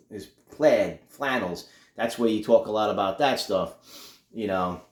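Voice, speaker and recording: Deep-voiced man with a casual unboxing chat. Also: roomy sound. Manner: laid-back, swears freely, lots of "you know". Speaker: video host.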